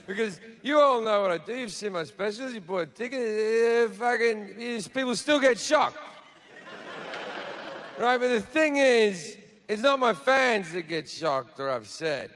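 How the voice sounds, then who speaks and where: Crude sardonic Australian comedian. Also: male voice, sits high, animated, measured pace, a bit bright. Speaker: stand-up comedian. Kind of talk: stand-up comedy set. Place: theater stage before a live audience.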